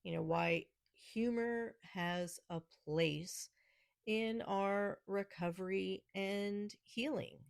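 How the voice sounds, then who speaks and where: A woman's voice: medium pitch, slow pace, gravelly, no echo, clean studio sound. A woman with a New York accent hosting a casual solo podcast, talking with snarky, sarcastic humor and laughing often. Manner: laughs often between remarks. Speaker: podcast host.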